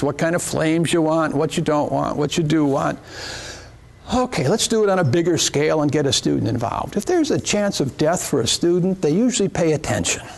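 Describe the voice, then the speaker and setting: Joking man, gravelly voice, teaching. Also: a little high, darkish tone. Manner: joking, gives instructions to helpers. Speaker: chemistry teacher. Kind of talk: live classroom demonstration. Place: classroom or lecture hall.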